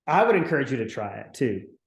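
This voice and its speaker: A man coaching real estate agents on a video call, talking in an energetic, chatty way and acting out upbeat phone calls. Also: mid-range voice, fast talker, creaky, reverberant. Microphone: computer mic on a video call.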